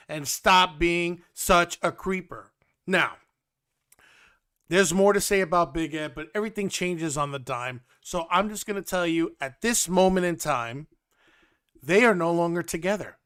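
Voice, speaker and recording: A man's voice: high voice, a little slow, a bit bright, smooth, dry recording, clean studio sound. A young man with a New York accent, hosting a blunt, mocking reality TV commentary. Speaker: host.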